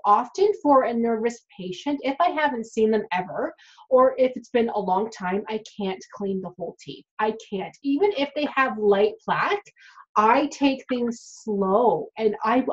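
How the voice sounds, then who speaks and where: A woman's voice: a little high, lo-fi sound. A woman, a dental hygienist, talking casually and frankly to the camera and addressing her viewers directly.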